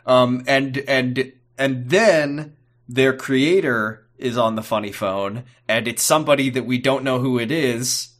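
A man's voice: mid-range voice, a little slow, fairly bright tone. A man co-hosting a podcast, chatting casually about a TV episode, rambling and hesitant with many fillers. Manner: rambling, hesitant, with goofy put-on voices. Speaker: podcast co-host. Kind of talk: casual chat recapping a TV episode.

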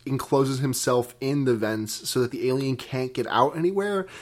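A woman's voice: rumbling low, normal speed. A woman co-hosting a podcast, rambling casually and swearing freely while she retells a film plot. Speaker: podcast co-host. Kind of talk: casual chat.

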